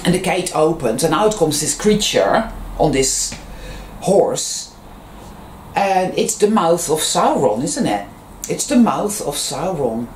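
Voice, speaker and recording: A vlogger talking in a casual, rambling monologue, full of fillers and restarts, and telling stories with sudden jumps in pitch. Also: very animated, slow pace, a little hiss or hum. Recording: roomy echo.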